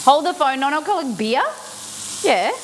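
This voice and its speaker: Cooking live from her kitchen indoors, a woman chats playfully and laughs at herself in a high, animated voice at a moderate pace. The background is noisy, with frying and sizzling from a pan.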